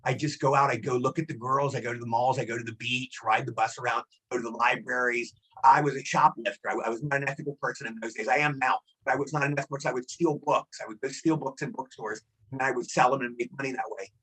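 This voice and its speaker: Fast-talking husky older man. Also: mid-range voice, fairly even intonation, fairly bright tone. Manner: rambling anecdotes, repeats himself. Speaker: guest actor. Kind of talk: casual storytelling interview.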